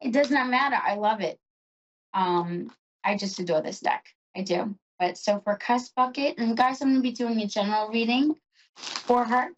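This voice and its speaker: A woman's voice: on the high side, moderate pace, muffled recording. A woman hosting a psychic show, giving an emotional and chatty tarot reading.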